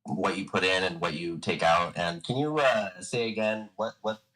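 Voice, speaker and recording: Hesitant low-voiced man caller. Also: normal speed, pushed and bright, rough recording. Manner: hesitant, many fillers. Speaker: caller asking a question. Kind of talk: casual chat.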